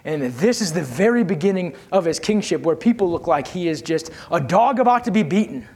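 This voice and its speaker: A man preaching a sermon, telling a personal story and calling on the congregation to respond, his delivery swinging from soft and low to raised and emphatic. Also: lively intonation, a little fast, breathy edge.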